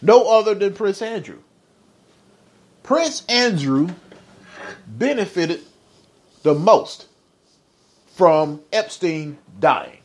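Male podcast host, blunt slangy rant, profane, rhetorical questions, high voice, lively swings in pitch. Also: extremely slow, long pauses.

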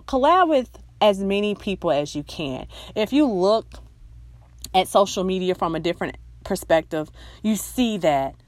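A woman's voice: mid-range voice, no room sound. Chatty motivational woman podcast host. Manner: chatty, motivational, laughs often. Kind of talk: casual solo podcast talk.

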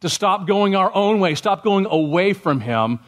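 A male pastor delivers a sermon in a church sanctuary. His voice sits a little high for a man, and his delivery is loose and conversational. He keeps asking the congregation questions as he preaches. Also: animated, a little slow.

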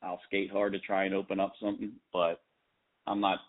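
Low-voiced man joking on a tinny line. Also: monotone, a little fast. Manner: joking, self-deprecating. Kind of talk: casual chat. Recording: phone-like narrow sound.

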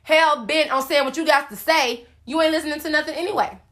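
A woman's voice: sits high, fairly quick, a bit bright. A woman hosting a solo podcast, preaching at her listeners with sass and speaking directly to them. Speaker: podcast host.

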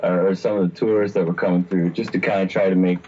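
A man's voice: deep voice, flat delivery, fast, dark tone, highs cut off, faint music behind. A young man telling a story in casual chat, rambling, cursing and laughing often. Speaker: guest storyteller.

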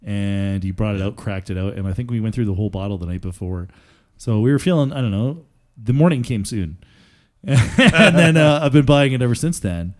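A man's voice: on the low side, expressive, fairly quick. A man hosting a podcast in casual chat, joking and rambling with fillers. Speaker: podcast host.

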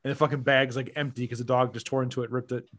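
A man telling a funny story in a casual, profane podcast chat, animated and laughing often. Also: mid-range voice, racing.

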